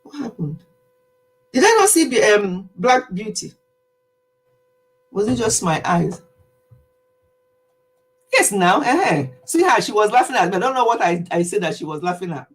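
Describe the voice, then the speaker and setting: A woman's voice: medium pitch, big pitch swings, moderate pace, long pauses, husky, poor audio. A middle-aged Nigerian woman hosting a casual livestream, chatty and teasing, often laughing as she greets viewers. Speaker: livestream host.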